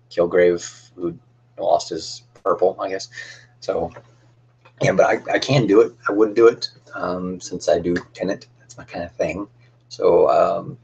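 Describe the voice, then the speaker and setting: A man's voice: low voice, creaky, husky. A young man hosting a casual cosplay livestream, chatting in a rambling, friendly way with lots of fillers and restarts.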